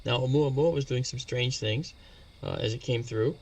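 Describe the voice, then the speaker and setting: A man's voice: medium pitch, normal speed, far from the mic. A man patiently explaining astronomy as a guest in an interview, spelling out terms as he goes.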